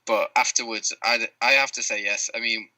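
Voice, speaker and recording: Blunt, bright-voiced podcast man, dry sound. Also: medium pitch, fairly even intonation, moderate pace, dry recording, low-quality recording. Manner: firm, blunt opinions. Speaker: podcast co-host. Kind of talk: casual debate.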